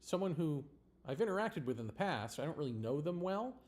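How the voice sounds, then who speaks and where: A livestream host gives a casual political monologue, rambling and blunt, full of swearing and laughter. His voice sits on the high side with big swings in pitch, brisk and slightly mellow.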